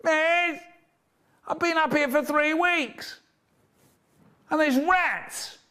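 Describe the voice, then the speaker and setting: Man doing a high whiny schoolkid. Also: bright, forceful tone, full character voice. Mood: pitiful. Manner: high nasal whine, drawn-out begging. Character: whiny pleading young schoolchild.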